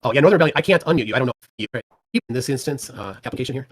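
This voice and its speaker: A man hosting a livestream, talking in a casual, halting way with many restarts and fillers. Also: medium pitch, animated, slightly rough. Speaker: livestream host.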